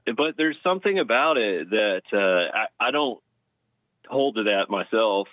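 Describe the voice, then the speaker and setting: A man from North Texas calling in to a talk show, speaking in an unhurried, hesitant way with many pauses. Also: lowish voice, animated. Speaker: caller. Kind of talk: casual call-in chat. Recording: tinny phone line.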